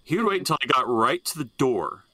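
A man co-hosting a podcast who tells stories with a lively, swooping delivery and a bright, forceful tone. He swears freely in casual banter. The recording is close and dry. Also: mid-range voice, fast, no room sound. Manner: animated, profane, laughs at own stories. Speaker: podcast co-host.

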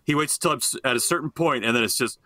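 A man co-hosting a podcast, telling animated, profane stories in casual banter. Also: medium pitch, fast talker. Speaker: podcast co-host.

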